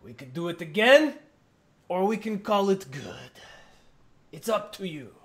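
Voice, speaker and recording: A man voicing a boisterous, tattooed male Goliath drinker who laughs loudly and speaks in broken grammar. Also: sits high, animated, unhurried, voice pushed up. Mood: taunting.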